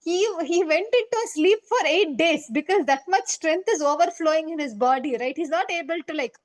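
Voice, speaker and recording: Teacher, woman, high voice, casual story time that keeps checking the class follows. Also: a little fast. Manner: chatty, checks in with "okay?" and "right?".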